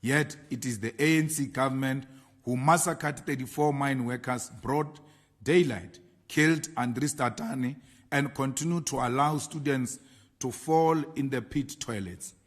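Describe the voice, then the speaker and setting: Casting note: South African male politician, mid-pitched, reads his statement in a measured, emphatic way. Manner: slow, emphatic delivery of lists. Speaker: party leader.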